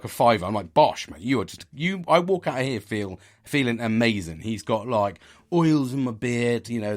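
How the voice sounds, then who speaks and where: A middle-aged man, talking candidly about his week in a rambling, sweary monologue full of restarts. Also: medium pitch. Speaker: podcast host.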